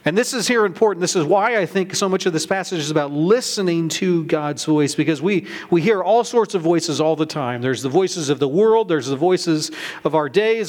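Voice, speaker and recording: A man preaching a sermon as pastor, reading scripture aloud and then explaining it in a conversational way with some fillers and restarts. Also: a little mellow. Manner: conversational preaching with fillers, raises pitch for quotes.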